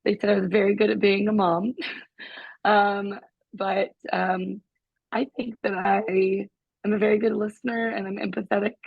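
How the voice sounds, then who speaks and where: A woman from Florida introducing herself on a video call, gentle and hesitant with many pauses. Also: mid-range voice, little pitch movement, vocal fry, husky, no echo. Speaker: new team member introducing herself. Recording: dull, dry video call audio.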